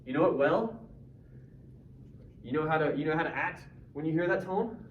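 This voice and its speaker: Here a high school English teacher with a slightly high voice talks at normal speed, running a casual, joking class discussion and quizzing the students. He's recorded from far away in a roomy classroom, with dull sound and faint noise.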